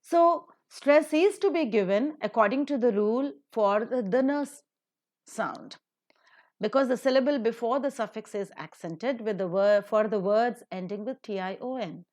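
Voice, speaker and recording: A woman, teaching word stress in a careful recorded lecture, saying example words with loud stress. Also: fairly high pitch, normal speed. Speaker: English teacher.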